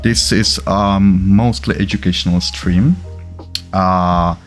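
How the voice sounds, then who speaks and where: A man from the Czech Republic hosting a casual livestream, chatty and halting, often stopping to correct himself. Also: deep voice, fairly even intonation, soft background music. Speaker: livestream host.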